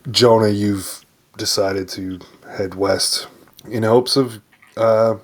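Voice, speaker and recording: Game master, male, lowish voice, halting casual narration. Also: steady tone. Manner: halting, with many fillers and restarts.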